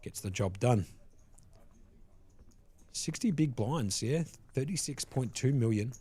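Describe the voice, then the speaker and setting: Man, live poker commentary, relaxed, chatty, laughs easily, headset mic. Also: mid-range voice, slow pace, slightly rough. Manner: easygoing, laughs often, chatty asides. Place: commentary box.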